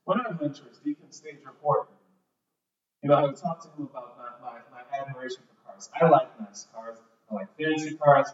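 A man's voice: medium pitch, brisk. A man preaching a sermon, reading scripture and talking in a conversational way with repeated words and asides. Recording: echoey hall, voice from far off, dull sound.

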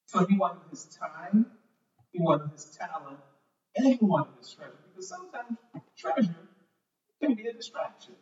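His voice sits high and a little dark, swinging widely in pitch as he preaches at a normal speed with frequent pauses. He mixes scripture reading with conversational talk, repeated words and asides, captured distantly in an echoey hall with dull sound.

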